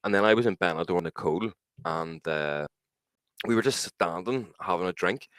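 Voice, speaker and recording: Sweary Northern Irish man, lowish voice. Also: normal speed, a bit bright, dry recording. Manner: sweary, laughs a lot. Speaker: podcast co-host. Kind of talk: casual banter.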